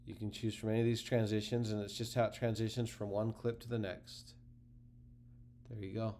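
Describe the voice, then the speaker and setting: Gravelly low-voiced man explaining software. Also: a little fast, a little hiss or hum. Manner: relaxed, thinking aloud while clicking through the screen. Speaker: tutorial host. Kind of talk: casual screen-recorded software tutorial.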